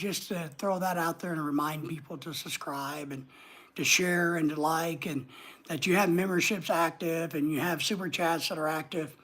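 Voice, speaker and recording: A man's voice: a little high, fairly bright tone, husky. A man with a neutral American accent hosts a casual livestream, rambling as he reads viewer comments aloud and answers them. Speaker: livestream host.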